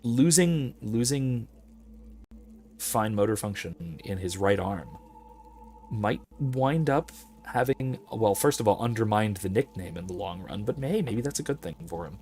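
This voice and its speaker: A man's voice: lowish voice, expressive, unhurried, a little mellow, faint music behind. A man hosting a let's play, chatting casually and rambling into academic digressions while reading chat messages aloud. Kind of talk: casual gameplay commentary.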